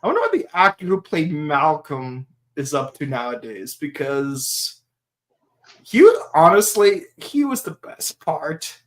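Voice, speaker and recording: Slow-talking, rambling male podcast host. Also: fairly high pitch, big pitch swings, fairly bright tone. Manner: rambling, laughs often, slips into silly voices. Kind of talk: casual chat.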